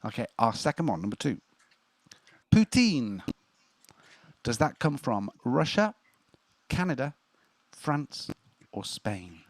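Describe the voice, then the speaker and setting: A man runs a casual online quiz, chatting and laughing as he goes, often tripping over repeated words. His pitch swings up and down a lot. The sound is dry and close. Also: very animated, slow, pauses often, dry recording. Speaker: quiz host. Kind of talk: casual live-stream chat.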